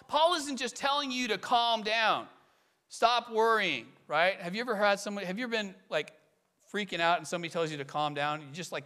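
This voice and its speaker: A man preaching a sermon, earnest and conversational, asking rhetorical questions and slowing down to lean on key phrases. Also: a little high, pushed and bright. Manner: slows and leans on key phrases. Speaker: pastor.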